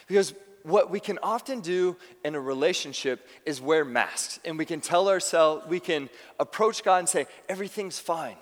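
A man preaching a sermon as pastor, talking conversationally and telling stories with quick restarts. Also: fairly high pitch, big-room sound. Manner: conversational, animated storytelling with restarts. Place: church sanctuary.

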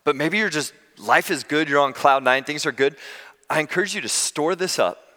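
A man preaching a sermon as pastor, telling stories in a conversational, animated way. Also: fairly high pitch, normal speed, in a large hall.

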